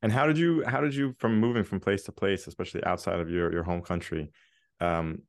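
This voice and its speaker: Deep, fast-talking male co-host. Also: fairly even intonation, gravelly. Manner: quick, eager follow-up questions. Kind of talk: casual interview chat.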